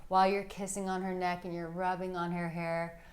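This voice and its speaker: A woman working as an intimacy coach, giving frank, playful instruction to men with animated asides. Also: on the low side, a little fast. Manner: blunt, playful and animated, with bursts of laughter and acted-out asides. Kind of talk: frank instructional talk to camera.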